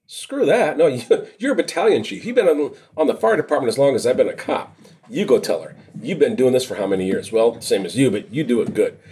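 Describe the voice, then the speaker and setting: A middle-aged man who served as a police officer tells a long story on a casual podcast. He rambles, restarts, swears freely and laughs easily. His voice sits in an ordinary middle pitch. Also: a little mellow.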